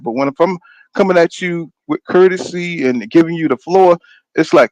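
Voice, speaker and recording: A man's voice: fairly high pitch, moderate pace, a little mellow, dry recording. A man hosting a boxing podcast. He talks in a casual, rambling way, gets heated and swears a lot, and keeps saying "you know what I'm saying". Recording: dull, dry lo-fi sound.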